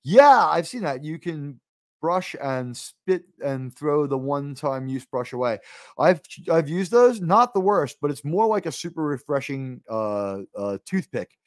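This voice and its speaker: Host, male, casual live-show chat, excitable and profane, higher voice, dry mic. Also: unhurried, dry recording. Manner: animated, swears often, jumps to high exasperated pitch.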